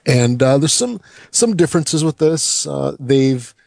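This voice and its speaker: A man co-hosts a relaxed gaming podcast, hesitating and filling gaps with uhs as he talks. His voice has a gravelly edge and is recorded dry and close. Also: medium pitch, measured pace, no room sound. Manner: easygoing, hesitant with many uhs. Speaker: podcast co-host. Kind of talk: casual gaming podcast chat.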